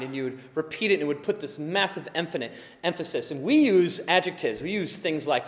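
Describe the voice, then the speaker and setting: A man preaching a sermon, emphatic, swinging between quiet explanation and loud exclaiming. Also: fairly high pitch, expressive, moderate pace. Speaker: pastor. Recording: long hall reverb.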